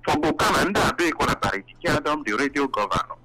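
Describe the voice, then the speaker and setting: A man's voice: fairly high pitch, big pitch swings, fast talker. A Nigerian man calling a radio show in pidgin, rattling off long lists of names to greet. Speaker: caller. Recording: phone call into radio show with music.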